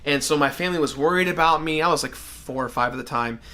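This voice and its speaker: A man telling a personal story in a casual, animated way, with a few fillers. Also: on the high side, quick pace. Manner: animated, acts out family voices in his anecdotes. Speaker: guest gamer.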